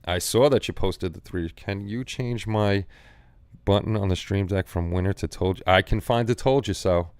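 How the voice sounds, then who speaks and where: Male livestream host, low smooth voice, rambling casual chat with viewers, dry close sound. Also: normal speed, a little mellow, no echo. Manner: rambling, repeats words, reads chat aloud.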